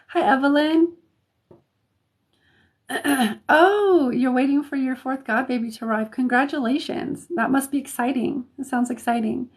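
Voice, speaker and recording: A high-voiced woman from Colorado hosts a casual live stream, greeting viewers one by one. She talks slowly, laughs often and trips over her words with ums and restarts, speaking into a phone or webcam mic indoors. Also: darkish tone. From Colorado, United States. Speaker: intuitive reader, live stream host.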